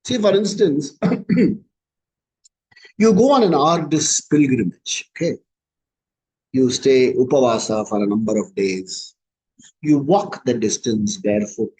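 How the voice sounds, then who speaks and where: Guy teaching scripture, unhurried, chants sanskrit lines, kinda husky, mellow. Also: mid-range voice, expressive, poor audio. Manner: slow, explanatory, chants Sanskrit verses. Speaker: spiritual teacher. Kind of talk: scripture discourse.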